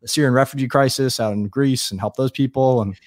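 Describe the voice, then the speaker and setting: A man from New York State, a guest in a casual interview, telling stories quickly and acting out what people said. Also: mid-range voice, dry recording, studio quality. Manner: fast, animated storyteller acting out dialogue.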